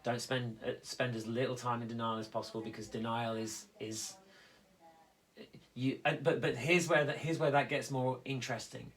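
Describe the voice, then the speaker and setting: A man speaking earnestly in a reflective conversation, halting and restarting as he explains how he copes with loss. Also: mid-range voice, steady tone. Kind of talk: reflective conversation about grief.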